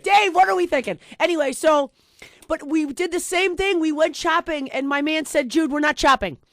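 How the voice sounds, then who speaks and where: A woman's voice: sits high, normal speed, no room sound. A middle-aged woman hosting a talk show, speaking in an emotional, rambling and self-deprecating way to her co-host.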